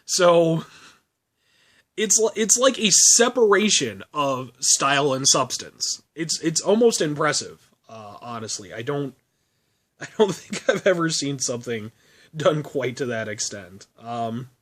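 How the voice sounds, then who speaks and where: A man talks through a film review in a loose, rambling vlog style. His voice sits a bit high and swings up and down a lot as he chuckles his way through. He swears freely. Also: expressive, unhurried, fairly bright tone. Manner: rambling, laughing often, swearing.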